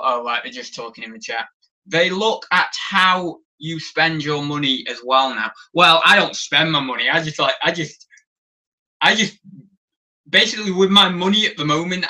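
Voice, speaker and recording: A man's voice: on the high side, sharp tone, far from the mic, poor audio. A young man in his twenties with a British accent, chatting casually on a live stream in a rambling, self-correcting way. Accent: British English. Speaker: vlogger.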